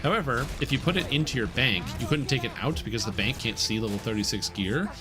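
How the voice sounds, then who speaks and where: A man's voice: mid-range voice, animated, quick pace, music in the background. A man streaming a game, chatting candidly and explaining things as he plays. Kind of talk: casual gameplay commentary.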